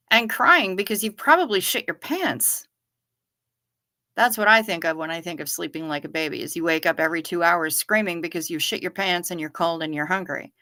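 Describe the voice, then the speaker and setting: A woman's voice: lowish voice, bright, forceful tone. A woman hosting a livestream, chatting casually and answering viewer comments. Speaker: livestream host.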